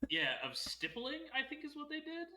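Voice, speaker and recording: A man's voice: very high voice, moderate pace, reverberant, a crowd in the background. A man co-hosting a casual art history chat, reading passages aloud and stumbling over words. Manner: relaxed, laughs easily, stumbles on words.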